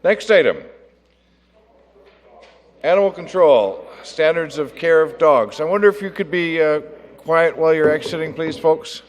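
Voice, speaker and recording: A man's voice: on the high side, unhurried. A man chairing a city council meeting, formal and courteous as he calls votes and agenda items.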